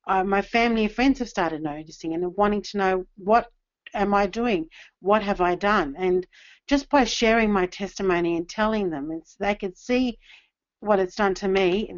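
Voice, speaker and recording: A middle-aged woman telling her personal story to an audience, earnest and emotional, with many pauses and ums. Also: medium pitch, lo-fi sound. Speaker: business testimonial speaker.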